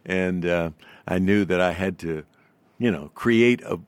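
Older guy, low voice, bit of a southern accent, smooth radio-announcer way of telling stories, dry close mic. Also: dry recording. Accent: faint Southern US. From Southern United States. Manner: polished announcer delivery, unhurried anecdotes. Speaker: guest, veteran broadcaster. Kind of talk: storytelling in an interview.

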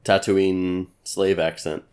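A young man in casual chat as a podcast co-host, making dry, deadpan jokes. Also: low-pitched, slow pace.

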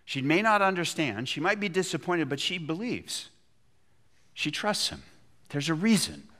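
Male preacher, lively pitch, bright tone, storytelling sermon. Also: normal speed. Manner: animated storytelling preacher, acting out quotes. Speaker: pastor.

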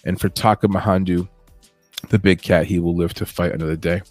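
An American man hosting an MMA podcast, giving casual fight predictions with a chatty manner, joking asides and bursts of animated emphasis. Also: low voice, brisk, faint music behind. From United States.

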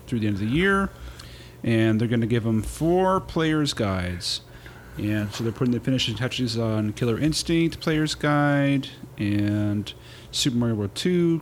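A man hosting a casual chat, reading magazine pages aloud in a relaxed, wry way with frequent hesitations. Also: lowish voice, slight background noise. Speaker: podcast host.

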